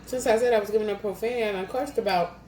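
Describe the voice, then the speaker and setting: A woman's voice: mid-range voice, racing, mellow. Chatty woman eating on camera, echoey room. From New Jersey. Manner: chatty, eats between lines, laughs at herself. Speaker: mukbang vlogger. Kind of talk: casual eating vlog chat. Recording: echoey room, audible noise.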